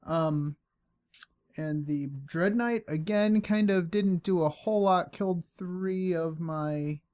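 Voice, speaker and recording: A man hosting a podcast, recapping a tabletop game in a relaxed, halting way. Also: high voice, dull audio. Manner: relaxed, halting, many fillers. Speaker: podcast host and player.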